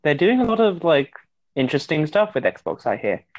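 A man's voice: a little high, sing-song, moderate pace, darkish tone, dull audio. A man from Mexico speaks English with a British-sounding accent, a guest in an easygoing chat about games. His delivery is dry and understated, with frequent small hesitations. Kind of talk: casual gaming chat.

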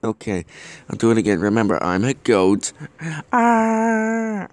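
A man hosting a podcast, giving a deadpan comedy monologue with jokey murmured asides. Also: lowish voice, brisk, dry recording. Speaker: podcast host.

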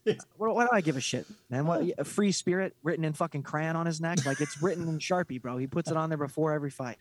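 A man's voice: on the high side, fast talker, a little hiss or hum. Blunt, profane man ranting. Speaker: podcast co-host. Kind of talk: casual chat.

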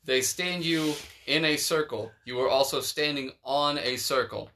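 Bright-voiced profane young podcast host. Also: male voice, a little high, measured pace. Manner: profane, rambling, laid-back. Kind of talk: casual podcast banter.

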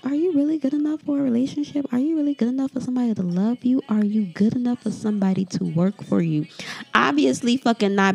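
A woman's voice: mid-range voice, dark tone. Heated, profane woman venting on her podcast. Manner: addresses listeners directly. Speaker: podcast host. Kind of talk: emotional solo podcast monologue.

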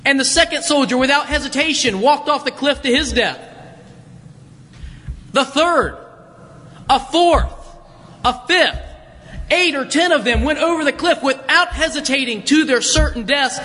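A man's voice: very high voice, animated, normal speed, long pauses, bright, forceful tone. A man telling a story to an audience in a conversational way, with frequent restarts, recorded in an echoey hall. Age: adult, worked a job at seventeen years ago. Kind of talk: storytelling illustration in a talk.

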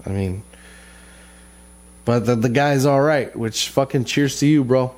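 A man's voice: mid-range voice, measured pace, a little mellow. Male vlogger, frustrated rambling storyteller, profane and loose. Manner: profane, frustrated, rambling with many restarts and fillers. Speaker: vlogger telling a family story. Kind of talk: casual rambling monologue. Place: lives in Texas.

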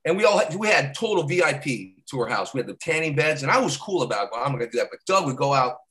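A man's voice: on the high side, big pitch swings, rapid-fire, fairly bright tone. A man, a comedian guest, telling rambling stories in casual talk and often tagging "right?". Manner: rambling, constantly adds "right?"; laughs while telling stories.

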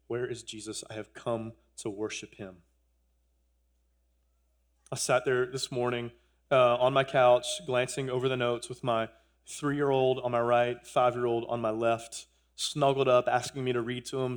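Earnest pastor preaching in church. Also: male voice, mid-range voice, flat delivery, moderate pace, clear, resonant tone. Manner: earnest, repeats phrases, jokes with the congregation. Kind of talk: sermon. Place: church sanctuary.

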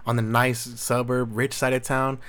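A man's voice: medium pitch, level tone, moderate pace, fairly bright tone, clear, resonant tone. A young adult man, hosting a solo Q&A in a rambling, profane, slang-heavy rant. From Southern California. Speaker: solo Q&A host. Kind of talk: casual rant monologue.

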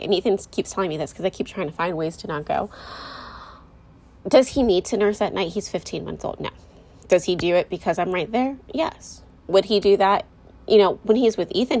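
Talking candidly to her viewers, this young mom vlogger rambles a little in a casual to-camera chat and keeps fixing her sentences partway through. She sounds lowish and darkish in tone, delivering it all in a brisk, animated way.

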